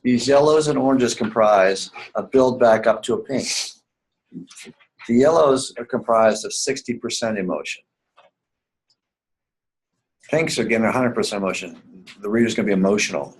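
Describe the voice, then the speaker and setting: A man's voice: medium pitch, poor audio. Emphatic man teaching a writing class. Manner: emphatic, repeats key points, asks the class questions.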